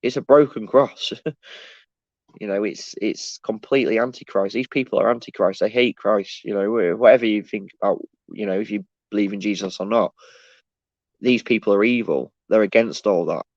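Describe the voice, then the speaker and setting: A low-voiced man rambles through a casual live-stream monologue, often breaking off and restarting sentences. The sound is dry and a bit dull, like a lo-fi home setup. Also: moderate pace, darkish tone, no room sound. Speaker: live streamer answering chat.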